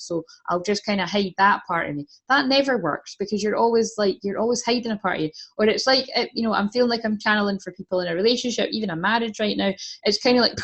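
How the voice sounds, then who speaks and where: A woman giving a casual tarot reading, chatty, swearing freely and laughing often. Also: medium pitch. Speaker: tarot reader.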